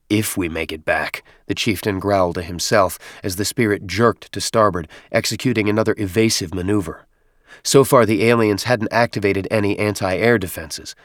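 A man reading an audiobook in steady, measured scripted narration. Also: sits low, no room sound, studio quality.

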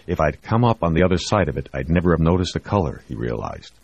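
Very deep, husky male narrator. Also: big pitch swings, fast, darkish tone, dry recording, highs cut off. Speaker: audiobook narrator. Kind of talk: scripted narration.

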